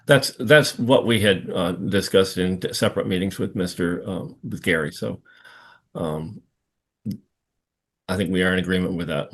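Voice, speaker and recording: Very deep-voiced male attorney. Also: a bit bright. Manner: hesitant, measured. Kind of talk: court hearing.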